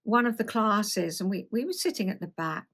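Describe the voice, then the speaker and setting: A woman's voice: medium pitch, animated, moderate pace, fairly bright tone. Older London-accented woman reminiscing. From South East England. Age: 70s. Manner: reminiscing, self-deprecating, rambling. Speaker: host. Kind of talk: reading her memoir aloud with chatty asides.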